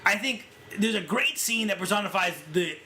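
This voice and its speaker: A man with a voice that sits high speaks at normal speed. Co-hosting a casual film-discussion podcast, he talks animatedly and acts out scenes in quotes.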